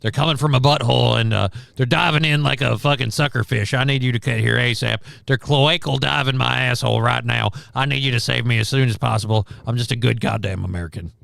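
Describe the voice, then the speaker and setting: A man's voice: mid-range voice, fast, vocal fry, hardly any pauses, a bit bright, no room sound, clean studio sound. A man putting on a frantic twangy Southern caller. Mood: panicked. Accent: Southern US twang, put on. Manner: frantic, rambling, profane. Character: panicked twangy male 911 caller.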